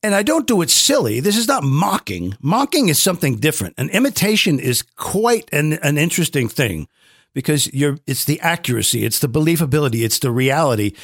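A middle-aged man with a fairly high voice talks emphatically, and his pitch swings widely. He restarts his sentences often as he pushes his points. The sound is dry and close. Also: sing-song, fairly quick, fairly bright tone, slightly rough, no room sound. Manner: emphatic, with frequent restarts and acted quotes. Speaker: advertising voice actor, guest. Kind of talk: opinionated conversation.

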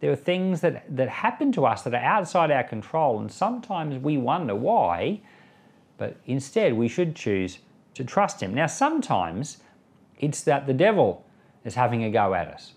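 A man's voice: mid-range voice, big pitch swings, normal speed, a little mellow. Pastor guy reading the bible then chatting about it, voice goes up and down a lot. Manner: conversational, acts out quoted voices. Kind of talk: Bible reading with spoken commentary.

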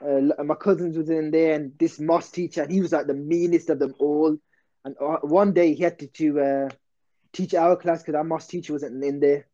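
A young man tells a story in loose, slangy, self-interrupting chat. His voice sits a little high but sounds dark and mellow. The recording is dull and lo-fi. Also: fairly even intonation, normal speed. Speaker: podcast host.

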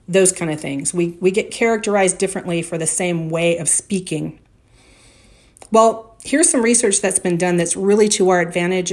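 A woman's voice: fairly low pitch, darkish tone. A woman giving career advice to women in a direct, conversational way, with anecdotes and tips. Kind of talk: motivational advice talk.

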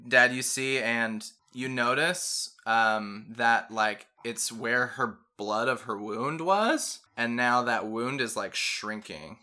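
A game master narrating a tabletop game in a casual way, full of fillers. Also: male voice, medium pitch, slow, few pauses, bright, forceful tone. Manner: casual, many fillers, describes scenes.

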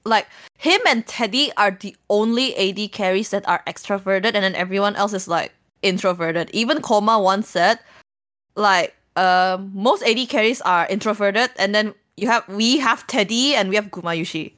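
A woman co-hosting a casual esports chat, laughing often and telling stories in an animated way. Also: normal speed. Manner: laughs often, animated retelling with high-pitched quotes. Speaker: co-host.

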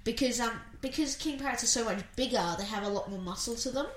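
A woman's voice: on the high side, quick pace. A woman co-hosting a podcast, telling stories in a rambling, casual way. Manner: rambling, lots of fillers and restarts. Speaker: podcast co-host. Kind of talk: casual chat. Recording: echoey home room.

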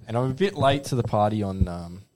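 An Australian man sharing sports news in a relaxed, matter-of-fact way on a casual podcast. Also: lowish voice, fairly quick, no room sound. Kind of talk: casual pub chat.

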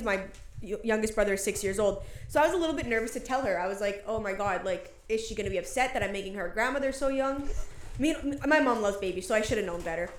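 A young woman co-hosting a casual chat, telling family stories in an animated way with frequent laughter. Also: fairly high pitch, reverberant. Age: young adult.

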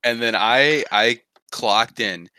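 Bright-voiced young man telling a story. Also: mid-range voice, takes it slowly, smooth. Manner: animated, acting out quotes, swearing freely. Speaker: podcast co-host. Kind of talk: casual storytelling chat.

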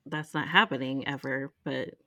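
A woman in her thirties, co-hosting a podcast, chatting in a relaxed, casual way. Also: rumbling low, moderate pace, dry recording, studio quality. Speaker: podcast co-host. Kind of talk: casual chat.

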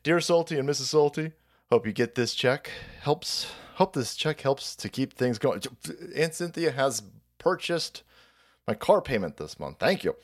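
A man's voice: medium pitch, animated, unhurried. A man hosting a livestream, ranting in a sarcastic, profane, rambling way and often laughing between lines. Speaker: livestream host. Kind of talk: livestream rant.

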